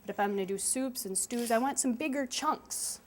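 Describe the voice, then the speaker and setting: A woman chef walks children through a cooking demonstration, explaining each step with patience. Her voice sits a little high. She keeps it simple and hands-on. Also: normal speed. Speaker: chef teaching kids.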